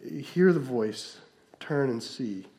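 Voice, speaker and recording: A male pastor preaching a sermon, moving between loud, emphatic stretches and hushed, slowed-down lines. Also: mid-range voice, lively intonation.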